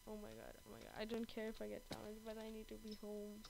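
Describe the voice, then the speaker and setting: A woman giving excited gameplay commentary, gasping and repeating her exclamations often, with her face kept off camera. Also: medium pitch, quick pace, creaky, background noise. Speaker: gaming channel host. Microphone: off-camera voice-over during gameplay.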